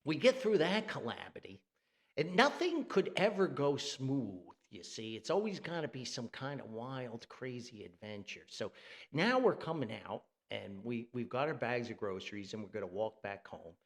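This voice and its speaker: Chuckling, rambling humorous storyteller from New Jersey, male, gravelly tone. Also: medium pitch, moderate pace. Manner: animated, chuckling, rambling asides. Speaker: podcast storyteller.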